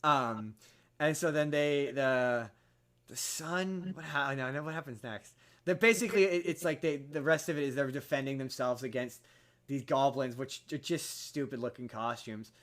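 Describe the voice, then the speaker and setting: A man on a podcast, casually retelling a film plot in a rambling way with many restarts, jumping into high voices for quoted characters. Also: normal speed, a bit bright. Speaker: podcast host.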